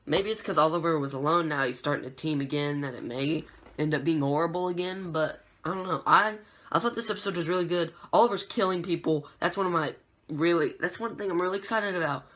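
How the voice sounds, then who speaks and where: A woman giving a casual TV episode review, rambling, often restarting and correcting herself, excitable. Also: low voice, quick pace. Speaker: TV show reviewer.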